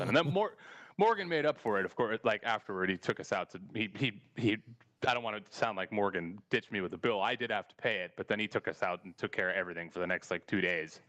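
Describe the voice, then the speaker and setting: A man's voice: on the low side, expressive, fast talker, a bit bright. A man hosting a podcast and telling a long story in casual chat, rambling and laughing often as he goes. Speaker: podcast host.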